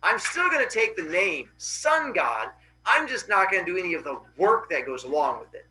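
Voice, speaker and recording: A man telling a myth plays a lazy, self-satisfied sun god who talks smugly and casually. The voice rides high and lively, with a bright, sharp tone, and stays close to an everyday voice. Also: moderate pace, heavily acted, low-quality recording. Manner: smug, casual.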